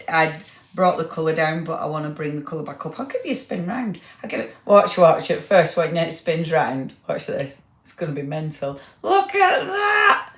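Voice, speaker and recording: A woman hosting a casual craft livestream, chatting and greeting viewers by name in a rambling, giggly way. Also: deep voice. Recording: echoey room.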